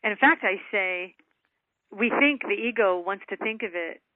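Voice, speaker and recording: A woman's voice: medium pitch, normal speed, dry recording. A woman author as a guest in a casual spiritual conversation, talking earnestly and filling her speech with "you know.". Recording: tinny phone line, dry.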